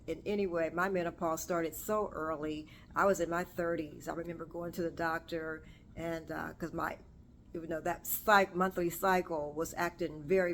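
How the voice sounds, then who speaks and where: Chatty, low-voiced woman musing on aging. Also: a little hiss or hum. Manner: rambling, chatty, self-correcting. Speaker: podcast host. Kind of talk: casual solo talk to camera. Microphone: camera or phone on self.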